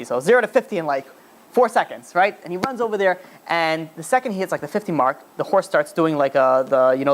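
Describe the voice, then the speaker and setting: Fast-talking rabbi telling a story. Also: male voice, a little high. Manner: acts out characters' dialogue in a lively way. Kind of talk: storytelling lecture.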